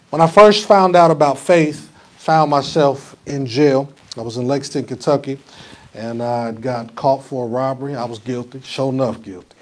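A man's voice: fairly high pitch, a little mellow. A man pastor preaching a conversational sermon in a church, often asking the congregation questions. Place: church sanctuary.

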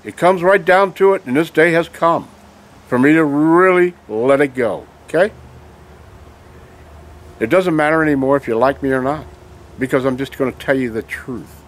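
A man's voice: on the high side, moderate pace. A man in an angry, heated monologue, speaking emphatically and repeatedly checking in with his listeners. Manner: heated and emphatic, keeps asking "okay?". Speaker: vlogger. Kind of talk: angry ranting monologue to camera.

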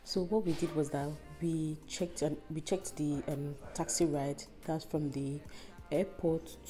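A woman chatting to camera in a house for her travel vlog, tired and a little rough-voiced, rambling and laughing between thoughts. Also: deep voice, steady tone, a little slow, music in the background. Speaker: travel vlogger. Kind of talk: casual vlog chat. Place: indoors in a house.

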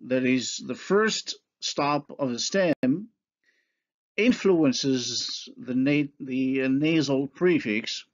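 Male lecturer, slow and deliberate, mid-pitched, models example words, dull lo-fi audio. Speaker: university lecturer. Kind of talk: recorded phonology lecture.

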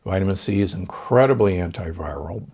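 A man's voice: low voice, animated, a little fast, darkish tone, breathy edge. An older man, a doctor hosting a podcast, giving confident health advice in conversation. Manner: confident, explanatory, with fillers.

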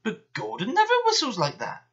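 A man's voice: sits high, wildly swooping pitch, normal speed, a bit bright, pitched above the performer's own voice, full character voice. Edward, a man doing a kind cheerful engine. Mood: friendly. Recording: dull lo-fi sound.

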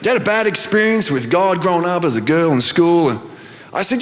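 A male pastor preaching with a high voice that leaps and dips all through his lines, falling into a sing-song cadence. Each phrase hangs in the long reverb of a big church hall. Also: big pitch swings, brisk. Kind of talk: sermon. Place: large church auditorium.

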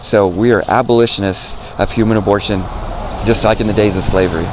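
A man's voice: on the low side, steady tone, brisk. Earnest man preaching outdoors by traffic. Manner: earnest, repeats himself, quotes scripture, asks "right?". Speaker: street preacher. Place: outdoors by a road.

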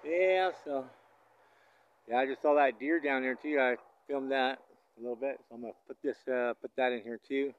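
A man filming cattle outdoors on a hillside, coaxing and calling to the animals in a high sing-song voice, then talking casually to the camera. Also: fairly even intonation, moderate pace, muffled recording. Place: outdoors in a hilly pasture.

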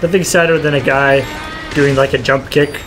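A man's voice: medium pitch, steady tone, moderate pace, background noise. A man co-hosting a game stream in a casual, joking chat. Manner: joking, playful. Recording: game music behind the voice.

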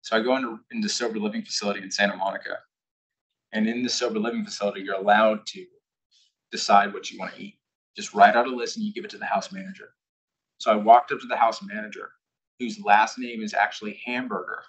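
Man, husky voice, candid storyteller, invited speaker, live audience talk. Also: fairly low pitch, fairly even intonation, quick pace, rough recording. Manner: candid storytelling, acting out shouted quotes. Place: corporate headquarters presentation room.

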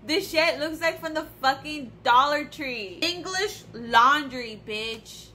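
Young woman beauty vlogger, a little high, profane and blunt, faint background hiss. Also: slow pace. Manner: profane, blunt, animated ranting. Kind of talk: casual unboxing vlog.

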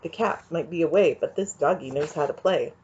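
A woman's voice: low-pitched, a little fast, a little mellow, slight background noise, close to an everyday voice. A woman voicing a cocky adult male karate instructor who teases and boasts, from a dull recording. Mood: teasing. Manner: teasing, boastful.

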